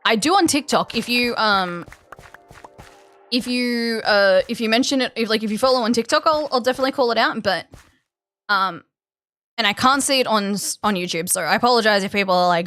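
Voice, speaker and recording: A woman's voice: a little high, brisk, a bit bright. An Australian woman streamer chatting casually with her live viewers, rambling with plenty of fillers and restarts. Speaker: game streamer.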